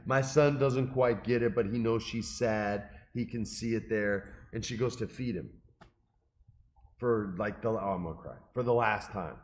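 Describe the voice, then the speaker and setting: Deep-voiced man telling a story. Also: unhurried. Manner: animated, emotional, quotes people in his stories. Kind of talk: casual storytelling chat.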